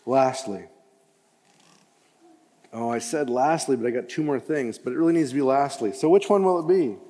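A man preaching a sermon as pastor, impassioned and rising to loud emphatic cries. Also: medium pitch, moderate pace. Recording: long hall reverb.

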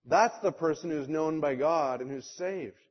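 A male pastor delivering a sermon with a fairly high voice. He preaches emphatically, with rhetorical questions and mock quotes. The recording sounds dull and lo-fi. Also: measured pace.

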